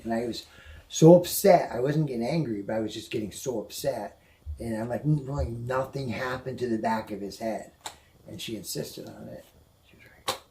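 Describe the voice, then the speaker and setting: Gravelly man telling an emotional story. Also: on the low side, warm tone, slight background noise, poor audio. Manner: halting, restarts and repeats when upset. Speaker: guest telling a personal story. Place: indoors at a house museum.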